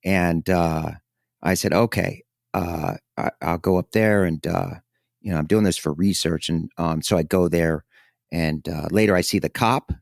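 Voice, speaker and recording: A middle-aged man with a very low voice co-hosts a casual podcast, spinning rambling anecdotes and acting out the lines of the people in them. The recording is dry and close, with no room sound. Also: moderate pace, gravelly, no echo. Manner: rambling anecdotes with acted-out quotes. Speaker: podcast co-host. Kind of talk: casual storytelling chat.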